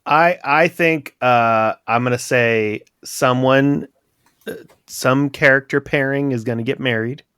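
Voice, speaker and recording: A man's voice: medium pitch, unhurried, fairly bright tone, smooth, no echo, studio quality. A man chatting casually with castmates in a group recap, laughing often and restarting sentences.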